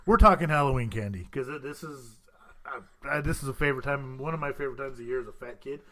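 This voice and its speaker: A man's voice: medium pitch, fast talker, crowd noise. A man hosting a casual podcast, joking with his co-hosts and filling gaps with "uh" as he talks. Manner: joking, laughs often, many fillers. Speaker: podcast host.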